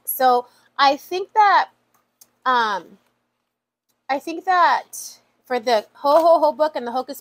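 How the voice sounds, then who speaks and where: A woman's voice: on the high side, fairly bright tone. A woman vlogger chatting casually while opening mail, emotional and full of fillers. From USA. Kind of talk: casual chat.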